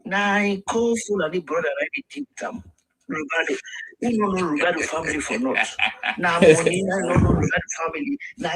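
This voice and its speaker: A Nigerian man with a Nigerian accent argues in a heated street debate, insistent and repetitive. His voice sits high and sounds a little husky. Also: a bit bright, poor audio. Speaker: discussant.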